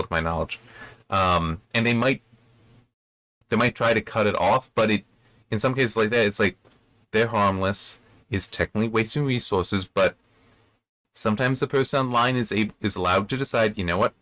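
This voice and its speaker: Low-voiced man rambling through a book review. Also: fairly bright tone, dry recording. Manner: rambling, self-correcting asides. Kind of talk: reading aloud and commenting on a novel.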